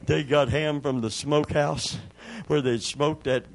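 A man preaching in a folksy, storytelling way, his voice sitting a little high for a man. He spins homespun tales and calls to the congregation for responses. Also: fairly even intonation, unhurried, vocal fry, low-quality recording. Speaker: pastor. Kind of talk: sermon.

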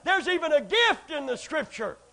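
A man delivers a fervent sermon, one moment shouting and whooping, the next dropping to a hush. His voice sits unusually high and has a rough, gravelly edge. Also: sing-song, normal speed. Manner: swings from shouting to hushed, whooping. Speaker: preacher.

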